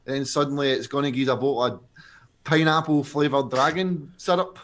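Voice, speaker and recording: A man's voice: medium pitch, steady tone, normal speed, a bit bright, a little hiss or hum. A man chatting casually, rambling and swearing in frustration. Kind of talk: casual chat.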